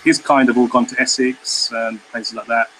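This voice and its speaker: A Welsh-accented man joins a live stream over a call microphone and talks in a halting way, often repeating words as he gathers his thoughts. His pitch sits in the ordinary middle range for a man. A faint hiss of noise sits underneath his voice. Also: little pitch movement, fairly bright tone, low-quality recording. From Britain. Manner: halting, repeats words while searching for phrasing. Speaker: caller guest. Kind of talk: casual chat on a live stream. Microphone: remote call microphone.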